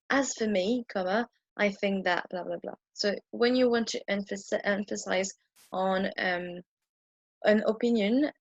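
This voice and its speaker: A woman's voice: medium pitch, creaky, no room sound, highs cut off. A woman teaching a French grammar lesson at a whiteboard, explaining patiently with frequent ums and restarts. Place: indoor room with a whiteboard.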